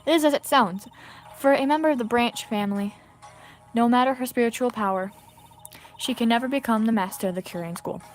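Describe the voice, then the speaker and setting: A woman's voice: on the high side, fairly quick, faint music behind, lightly acted. A woman voicing a stern, formal middle-aged female spirit medium who speaks stiffly and politely. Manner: stiff, formal, addresses others as good sir.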